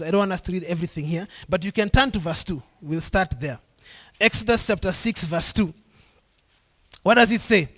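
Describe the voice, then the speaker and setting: A man preaching a sermon to a congregation, reading scripture aloud and pausing to prompt listeners with questions. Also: high voice, fairly bright tone. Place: church congregation.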